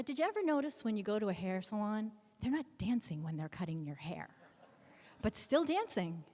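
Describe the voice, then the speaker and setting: Animated woman telling a story on stage. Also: medium pitch. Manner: animated, acts out scenes with voices. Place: stage in a hall. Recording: long hall reverb from a stage.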